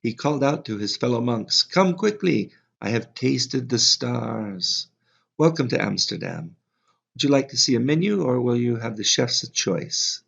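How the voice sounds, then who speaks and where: Guy putting on a tall young dutch waiter, theatrical, dutch accent, gravelly underneath. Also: mid-range voice, lively intonation, unhurried, a bit bright, full character voice. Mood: showy. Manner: showy, theatrical delivery. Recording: slightly dull lo-fi audio.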